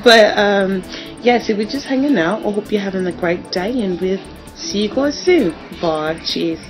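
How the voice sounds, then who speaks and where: A woman's voice: medium pitch, expressive, moderate pace, music in the background, natural voice, rough recording. A chirpy young British woman chats away in a singsong lilt, as a voice actress puts her on. The accent is put on for a demo reel. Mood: cheerful. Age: 20s.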